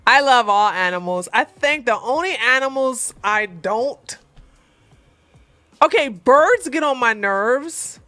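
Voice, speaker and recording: Chatty rambling woman, bright voice. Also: a little high, expressive, slow, no echo, soft background music. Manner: rambling, chatty, laughs often; reads and answers viewer comments. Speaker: livestream host. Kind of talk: casual livestream chat.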